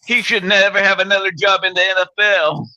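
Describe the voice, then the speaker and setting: A man's voice: sits high, flat delivery, a little fast, pushed and bright. A man co-hosting a sports talk show, bluntly and emphatically agreeing with his partner. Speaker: sports podcast co-host. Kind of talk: casual sports chat.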